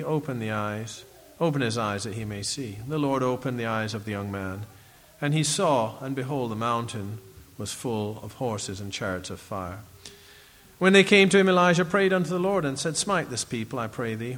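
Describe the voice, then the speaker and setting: A man preaching a sermon in an animated way, chuckling as he reads scripture aloud to his listeners. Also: mid-range voice, moderate pace, in a large hall.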